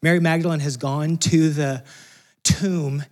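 A man preaching a sermon in a conversational, earnest way, swinging from loud emphasis to soft, hushed lines. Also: on the high side, fairly even intonation, unhurried. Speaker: pastor.

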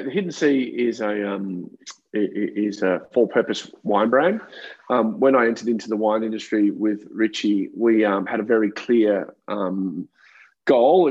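A man, a guest on a podcast, talking in a friendly, halting way with lots of fillers and restarts. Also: lowish voice, darkish tone, muffled recording. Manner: hesitant, many ums and restarts, friendly. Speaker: podcast guest, wine entrepreneur. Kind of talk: casual interview conversation.

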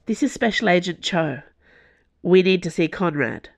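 A woman's voice: lowish voice, animated, normal speed, vocal fry. A woman voicing a young female agent who is urgent and determined. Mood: firm. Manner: urgent, raised and tense.

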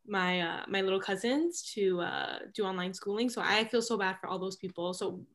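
A young woman student speaks earnestly, her tone full of sympathy. Her voice sits at a middle pitch. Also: normal speed, a bit bright.

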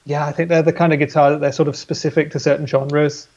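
A man's voice: on the high side, little pitch movement, fast talker, a little mellow, highs cut off. A man guesting on a casual podcast, talking in an easygoing, agreeable way. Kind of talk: casual chat.

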